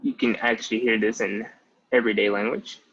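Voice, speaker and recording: This language tutor, a young man in his twenties, speaks fairly quickly in a lowish, steady, fairly bright voice with a breathy edge. He gives a casual lesson step by step, frequently starting with "so" and "basically." The recording is muffled and lo-fi.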